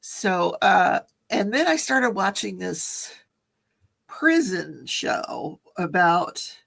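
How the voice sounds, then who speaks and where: A woman's voice: medium pitch, very animated, drawn-out words, gravelly, fairly bright tone. A woman hosting a casual livestream chat, reading viewer comments and telling stories with frequent laughter. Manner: chatty, laughs often, storytelling. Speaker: livestream host.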